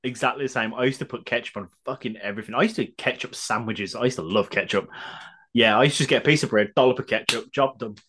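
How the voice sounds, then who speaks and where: A man's voice: medium pitch, quick pace, fairly bright tone, husky. A man co-hosting a casual podcast, bantering and swearing casually. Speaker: podcast co-host. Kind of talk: casual comedic chat.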